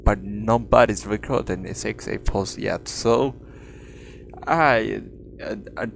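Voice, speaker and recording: A man hosting a casual vlog, talking in a halting way with many restarts and broken phrasing. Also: on the low side, gravelly, a little hiss or hum. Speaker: channel host. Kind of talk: casual vlog chat about his characters.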